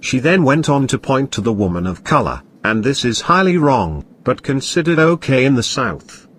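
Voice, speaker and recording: A man narrating a scripted comedy story in a flat, matter-of-fact way. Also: medium pitch, normal speed, slight background noise.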